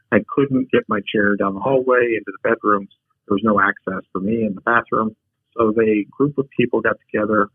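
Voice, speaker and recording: A man, a podcast guest, telling personal stories in a humorous, unhurried, casual way. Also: on the low side, husky, dry recording. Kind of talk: casual storytelling. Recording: dry, tinny phone-like line.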